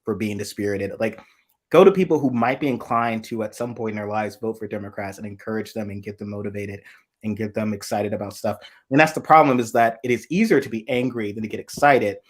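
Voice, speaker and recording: A man's voice: fairly low pitch, fairly quick. A man co-hosting a casual political live chat, telling stories with acted-out quotes and laughing as he talks. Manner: animated storyteller, acts out quoted voices, laughs mid-sentence.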